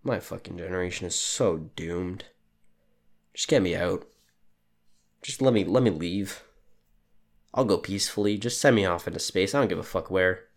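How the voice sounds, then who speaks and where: Young male podcast host, low-pitched, sleep deprived, crude sardonic ranting. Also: moderate pace, pauses often. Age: young adult. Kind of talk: profane solo rant.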